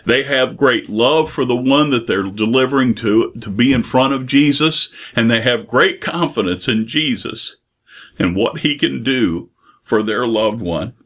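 A man's voice: medium pitch, measured pace, a bit bright. Earnest male preacher, rhetorical questions. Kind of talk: sermon.

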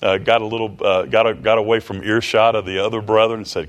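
A man's voice: fairly low pitch, level tone, fast, slight background noise. A man preaching a sermon in a folksy, repetitive way, often chuckling.

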